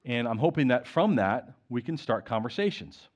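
A man preaching a sermon, retelling conversations and reading scripture aloud in an animated way. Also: medium pitch, normal speed.

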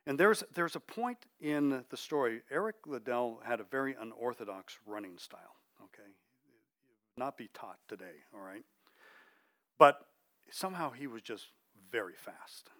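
A man's voice: mid-range voice, lively intonation, normal speed. Middle-aged man preaching a conversational sermon. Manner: chatty, checks in with the room with "okay?", drops softly for emphasis.

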